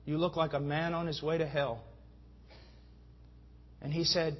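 A man's voice: fairly high pitch, normal speed, long pauses. A man preaching a sermon with fervent delivery that rises to emphatic peaks. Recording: dull lo-fi sound.

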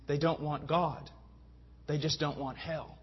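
A man's voice: on the high side, little pitch movement, unhurried, a little hiss or hum. A man preaching a sermon with fervent delivery that rises to emphatic peaks. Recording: dull lo-fi sound.

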